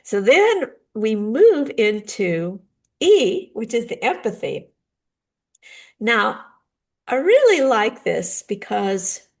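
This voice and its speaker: A middle-aged woman and spiritual guide speaking in a gentle, earnest way about healing, now and then acting out little dialogues. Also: on the high side. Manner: gentle, earnest, acts out short dialogues with lively shifts. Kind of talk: heartfelt talk on healing grief.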